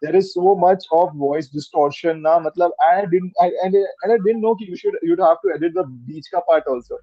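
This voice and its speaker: A man's voice: sits high, fairly quick, dry recording, lo-fi sound. A man with an Indian English accent, chatting as a podcast guest, rambling and repeating words, slipping into Hindi. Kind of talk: casual interview chat.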